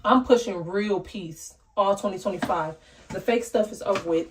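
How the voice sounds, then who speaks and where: A woman's voice: mid-range voice, moderate pace, a little hiss or hum. A young woman vlogging in a casual talk to camera, blunt and candid, ranting from the heart. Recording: voice a bit distant from the mic.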